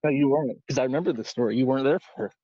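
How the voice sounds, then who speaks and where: A man's voice: mid-range voice, racing, warm tone, dry recording. A man hosting a live call-in stream who mocks and taunts his caller and keeps talking over him. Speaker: livestream host. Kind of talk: heated call-in argument. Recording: dull lo-fi stream audio.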